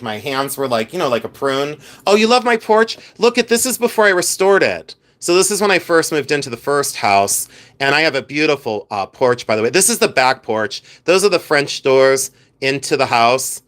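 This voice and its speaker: A man vlogging in a chatty, campy way, with animated asides. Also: medium pitch. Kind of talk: casual chat.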